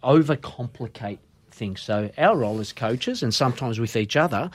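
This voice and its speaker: A man's voice: mid-range voice, animated, moderate pace. A man with an Australian accent, a junior football coach speaking emphatically and motivationally in a casual radio interview.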